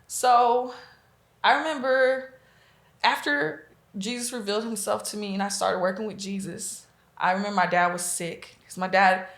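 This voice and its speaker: A woman's voice: medium pitch, a bit bright, roomy sound. A woman from Nebraska, a guest on an interview show, telling a personal story earnestly with many fillers and quoted dialogue. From Omaha, Nebraska. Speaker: guest, Reiki practitioner.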